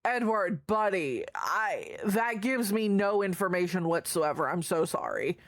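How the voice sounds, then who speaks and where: Clean studio sound with no room noise captures a woman's animated, medium-pitched voice at a measured pace. Casually chatting on her live stream, she greets viewers by name, shows them affection, and swears freely reading chat aloud.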